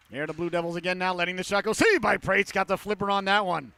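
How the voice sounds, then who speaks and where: A man calling a youth hockey game play-by-play, with rapid calls that rise to excited shouts on goals. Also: high-pitched, creaky, clear, resonant tone, dry recording. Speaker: play-by-play commentator.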